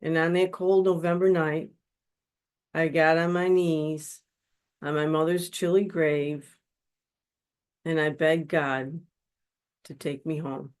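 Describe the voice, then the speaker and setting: Through a webinar microphone, a spiritual counselor invited as a guest speaker tells her story confessionally, with earnest feeling. Her low, smooth voice holds a steady tone, moving slowly with long pauses.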